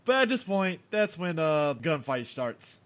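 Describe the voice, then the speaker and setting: A man co-hosting a podcast, breaking down a film with blunt, profane exasperation. His voice sits a bit higher than most men's, and he sounds fed up with each scene he describes. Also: very animated, a little slow. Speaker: podcast co-host. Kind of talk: casual movie review chat.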